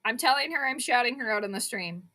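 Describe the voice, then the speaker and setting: High bright excitable woman streamer. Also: fast. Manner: excitable, exclamatory, chatty. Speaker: sports stream host. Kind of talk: live play-by-play reaction commentary.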